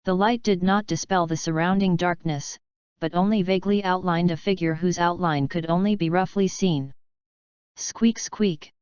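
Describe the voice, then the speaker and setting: Clear low-pitched woman reading a story. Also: moderate pace, a little mellow, dry recording, muffled recording. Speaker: narrator. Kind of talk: audiobook reading.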